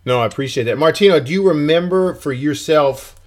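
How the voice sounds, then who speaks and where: A man's voice: fairly high pitch, fairly quick. Man hosting a casual coaching chat. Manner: rambling, conversational questions. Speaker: podcast host and coach. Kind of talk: casual interview.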